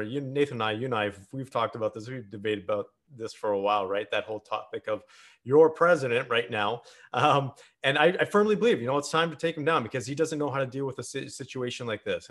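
Blunt, lively male storyteller hosting. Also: medium pitch. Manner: lively anecdotal storyteller, blunt, acts out dialogue. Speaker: host. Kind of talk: casual conversation, storytelling.

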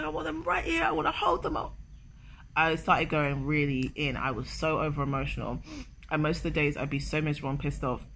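A woman's voice: low-pitched, fairly bright tone, a little hiss or hum. A young woman telling a personal story in a casual confessional vlog, chatty and emotional, with lots of "like". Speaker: vlogger.

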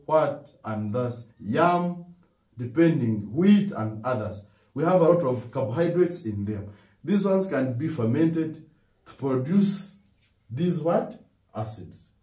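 Man, Ugandan accent, lecturer, slow deliberate delivery, mellow tone, quizzing style with repeated key words. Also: fairly high pitch. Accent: Ugandan English. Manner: asks rhetorical questions and answers them himself. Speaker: dental lecturer. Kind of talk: classroom lecture. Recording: roomy echo, distant from mic.

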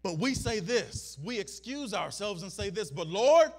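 At a normal speed and with a lot of animation, a high-voiced male pastor preaches, restating points for emphasis. He keeps checking in with his congregation by asking "Amen?"

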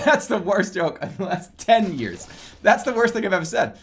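A man streaming a game, excitable and profane, often laughing and yelping into a desk microphone. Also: sits high, a little slow, slight background noise. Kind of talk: gaming livestream commentary.

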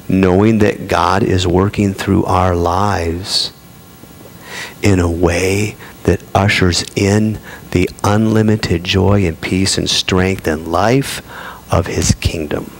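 A male pastor delivers a sermon in an easy, conversational manner, breaking into playful asides. His voice sits very low and carries a gravelly rasp. A faint hiss stays under the recording. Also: steady tone, slow pace.

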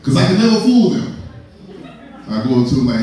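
Teasing comedian in an echoey hall. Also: male voice, fairly high pitch, very animated, a little fast, dark tone, distant mic. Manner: playful, teasing the audience. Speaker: stand-up comedian. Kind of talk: stand-up comedy. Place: large church hall stage. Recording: echoey hall, mic from afar. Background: audience laughing.

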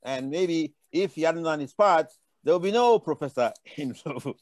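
A man's voice: a little high, animated, moderate pace, darkish tone, dry recording. An older man from Africa speaking on a conference panel, telling impassioned, rambling stories with frequent restarts. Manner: impassioned, digressive storytelling with many restarts.

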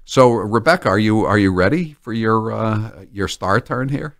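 A man's voice: fairly low pitch, expressive, normal speed, no room sound. A man hosting a talk radio show in a studio, delivering a sarcastic, mocking monologue into a studio microphone.

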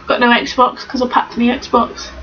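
A woman's voice: fairly high pitch, little pitch movement, unhurried, sharp tone. A young woman, rambling casually in a home vlog and talking to her dog. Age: young adult. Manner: rambling, chatty, baby-talks to her dog. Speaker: vlogger. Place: at home, indoors. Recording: lo-fi, distant camera mic with faint room noise.

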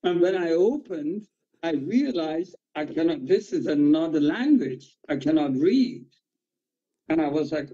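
A man whose first language is Farsi, a pastor, tells his testimony in an interview with lively storytelling and acts out the dialogue. His voice sits a little high and sounds mellow. The recording is somewhat dull and lo-fi. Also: measured pace, husky. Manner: animated storytelling, acting out dialogue.

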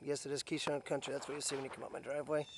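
A man rambles and swears while casually vlogging around his home and yard with dogs, then apologizes for the language. He talks very fast in a medium-pitched, gravelly voice with fairly even intonation, and the outdoor camera audio is noisy with the dogs.

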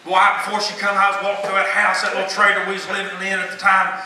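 A man's voice: high voice, quick pace. A man preaching a folksy storytelling sermon at a revival, acting out the people in his story. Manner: folksy, animated, acts out quoted voices. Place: large church sanctuary. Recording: echoey church, distant mic, noisy.

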